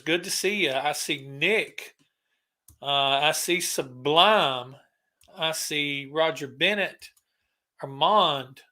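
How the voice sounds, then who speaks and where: A man's voice: fairly high pitch, pushed and bright. A man hosting a casual live stream, rambling and greeting viewers by name as he talks. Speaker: livestream host.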